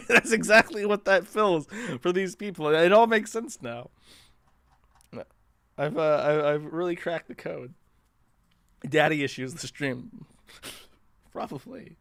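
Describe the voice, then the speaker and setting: A man's voice: a little high, animated, takes it slowly, creaky, pauses often, a bit bright, no room sound, studio quality. A man hosting a casual commentary stream, rambling in a sardonic, profane way.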